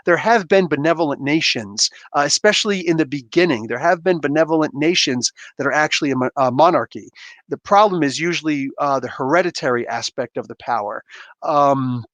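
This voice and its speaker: A chatty man gives loose, rambling comic commentary in a fairly high voice. He laughs often and slips into raised voices for quoted lines. The sound is close and dry. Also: brisk, fairly bright tone, no room sound. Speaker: comic book reviewer. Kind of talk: casual live-stream commentary.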